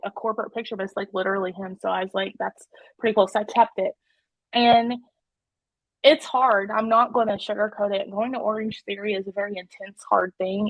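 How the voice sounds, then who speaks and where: A woman's voice: on the high side, dry recording. A woman presenting to an online audience, talking in a candid, heartfelt way with many restarts. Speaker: webinar presenter. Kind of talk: personal talk to an online audience. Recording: dry, muffled web call audio.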